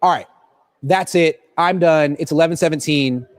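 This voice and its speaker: A man's voice: on the high side, normal speed, dry recording. A man hosting a casual sports livestream from a football stadium, joking and rambling as he answers viewer questions into a laptop mic. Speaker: sports reporter and host. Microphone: laptop built-in camera mic.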